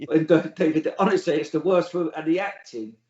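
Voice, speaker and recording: A middle-aged Englishman, the guest in a casual interview, speaks a little high and fairly quick with a darkish tone. He's blunt, scornful and full of swearing, laughing at his own stories. The room is echoey and the sound dull and lo-fi.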